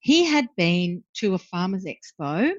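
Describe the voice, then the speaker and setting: A woman's voice: on the low side, unhurried, no room sound. A woman guest, a brand founder, telling her story with animation, acting out what people said, with frequent ums. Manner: lively, acts out quoted voices, frequent ums. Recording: dull lo-fi dry sound.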